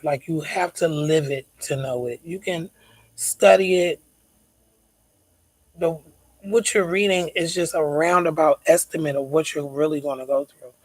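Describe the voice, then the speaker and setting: A woman's voice: fairly low pitch, dry recording, poor audio. A woman vlogging as a mother. She talks in an emphatic, venting way, repeats words for stress and sometimes drops to near-whispers. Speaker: mother vlogging about her child's diabetes. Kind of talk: casual venting vlog.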